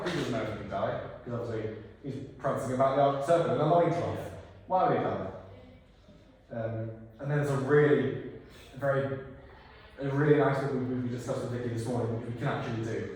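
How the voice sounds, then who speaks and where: Animated man directing a rehearsal. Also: medium pitch, brisk. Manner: animated, breaks into silly voices and laughs. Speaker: theatre director. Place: rehearsal hall. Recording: echoey hall, far from the mic.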